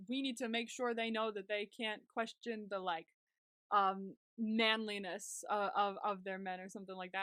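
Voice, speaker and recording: A high-pitched woman with a bright, clear tone co-hosts a podcast in casual chat. She giggles often and slips into quick impressions of the characters she describes. Her voice sounds close and dry, with no room around it. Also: dry recording. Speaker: podcast co-host.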